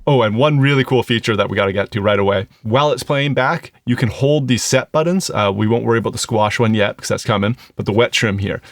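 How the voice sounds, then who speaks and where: A man's voice: medium pitch, fast, hardly any pauses, faint music behind. A man reviewing an audio plugin in a casual, explanatory tutorial, thinking aloud as he goes. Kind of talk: casual screen-recorded tutorial.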